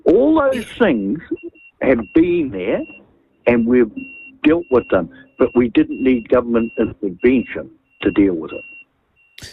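An older man calling a radio show over the phone, opinionated and animated, stumbling and repeating words. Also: medium pitch, a little slow, pauses often, slightly rough. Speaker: radio caller. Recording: phone line.

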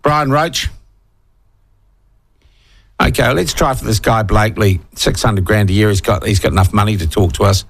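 A man's voice: on the low side, normal speed, vocal fry, long pauses. Heated New Zealand talkback host in his 60s. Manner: indignant, heated, repeats punchy phrases; reads listener texts aloud. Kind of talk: opinionated talkback radio rant.

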